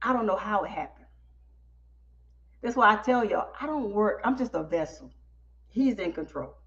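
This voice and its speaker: A woman podcast host telling a story on a live stream, animated and talking straight to her audience. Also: mid-range voice, normal speed, highs cut off. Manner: animated, talks directly to the audience.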